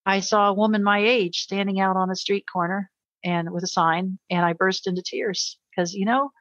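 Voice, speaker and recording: A woman's voice: mid-range voice, fairly even intonation, normal speed, a bit bright, no echo, lo-fi sound. A middle-aged American woman, a guest in an interview, telling a personal story with earnest emotion and frequent repetition.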